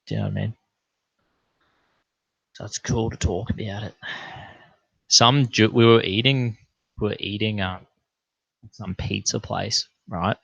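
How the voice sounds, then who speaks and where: A pastor telling a profane, animated anecdote in a casual way. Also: male voice, on the low side, measured pace, vocal fry, long pauses, husky, no room sound, dull audio. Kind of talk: casual storytelling.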